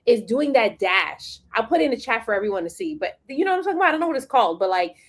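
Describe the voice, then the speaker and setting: A woman's voice: fairly high pitch, racing. A woman hosting a live stream, chatting casually and playfully, acting out the quotes she tells. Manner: animated, playful, acts out quotes. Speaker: host of a business live stream. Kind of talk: casual chat.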